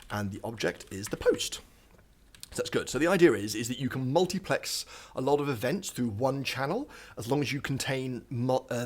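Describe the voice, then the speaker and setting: A man's voice: mid-range voice, husky. A young man streaming himself coding at a standing desk in his home office, thinking aloud with lots of ums and asides, a bit out of breath. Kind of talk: live coding stream commentary.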